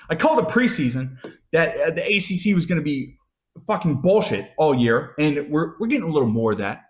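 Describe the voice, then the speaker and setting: Here the same kind of host, a young American man running a college football podcast, rants with nonstop profanity and repetition, his volume lurching from loud outbursts to mutters. The voice sits on the high side, very animated and fairly quick, in an echoey room.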